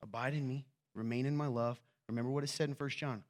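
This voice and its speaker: A man's voice: medium pitch, fairly even intonation, fast. Conversational pastor, man, preaching. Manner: conversational, joking with the congregation; rhetorical questions, swings from quiet to loud. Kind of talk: sermon. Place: church.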